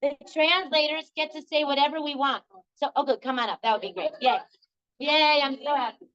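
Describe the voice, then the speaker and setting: Her voice high, fairly quick and a bit bright, a middle-aged woman runs a live group workshop. She tells stories conversationally with plenty of fillers, captured in a dull lo-fi recording.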